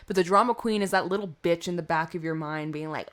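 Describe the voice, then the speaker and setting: A woman's voice: lowish voice, fast talker, a bit bright. A woman giving a casual tarot reading to camera, chatty and rambling, often laughing at herself. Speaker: tarot reader.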